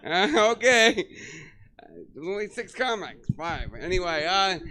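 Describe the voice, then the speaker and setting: A man's voice: sits high, animated, measured pace, sharp tone. A man emceeing a stand-up comedy night, rambling and a little flustered as he brings on the next act. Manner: flustered, rambling between acts. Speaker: comedy show host. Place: comedy club stage.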